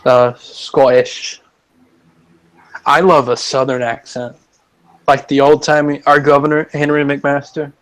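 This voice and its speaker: A man's voice: mid-range voice, level tone, slow pace, pauses often, fairly bright tone, rough recording. A man in casual chat, jokey and teasing, often stopping and restarting his sentences.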